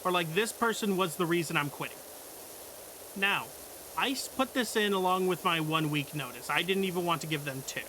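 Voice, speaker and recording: A man's voice: sits high, fairly quick, bright, forceful tone, slight background noise. A young man streaming, telling a work story in a blunt, profane, exasperated way. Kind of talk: casual storytelling.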